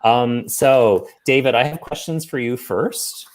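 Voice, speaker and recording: Man hosting a rambling, halting online comedy show. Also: mid-range voice, a little hiss or hum. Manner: rambling, halting, self-mocking. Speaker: host. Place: home, on a livestream call.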